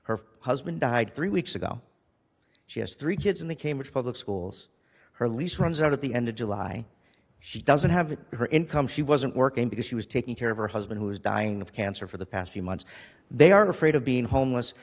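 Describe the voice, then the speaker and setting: A city councilor speaking with emotion and frequent restarts during a council meeting. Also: male voice, medium pitch, fairly quick, gravelly, long reverb tail. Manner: emotional, pleading, with restarts and repetition. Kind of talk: impassioned council meeting speech. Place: council chamber.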